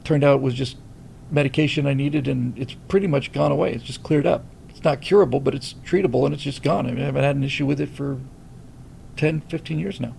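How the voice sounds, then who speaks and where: A middle-aged man hosting a casual livestream, rambling and animated as he reads viewer comments. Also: mid-range voice, fast talker, gravelly, a little hiss or hum. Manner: rambling, animated, many restarts. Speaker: livestream host reading super chats.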